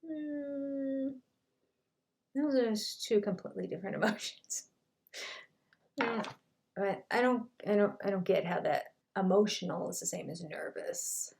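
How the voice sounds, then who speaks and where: A woman's voice: medium pitch, normal speed, gravelly, a little mellow, slight background noise. An older woman reviewing a reality show in casual commentary, retelling scenes in a chatty way and quoting what people said.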